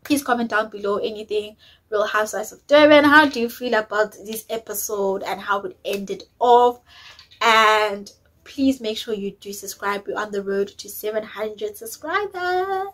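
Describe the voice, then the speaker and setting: A woman's voice: mid-range voice, normal speed, a bit bright, poor audio. A woman, chatting opinionatedly as she recaps a reality show episode, dropping in isiZulu words. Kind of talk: casual recap chat.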